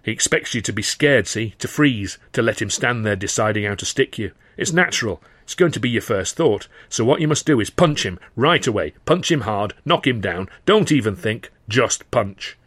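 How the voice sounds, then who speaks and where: A man voicing a gruff former boxer who gives blunt, instructive fight advice. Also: lowish voice, expressive, normal speed, hardly any pauses, fairly bright tone, no room sound. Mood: urgent.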